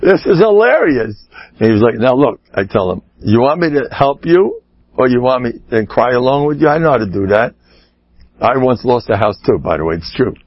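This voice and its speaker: A lively man spins comic tales in a husky voice, his pitch leaping as he imitates others. The recording is dull and lo-fi. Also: a little fast, dry recording. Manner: animated, laughs at own stories, mimics people with rising voice. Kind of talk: humorous storytelling talk.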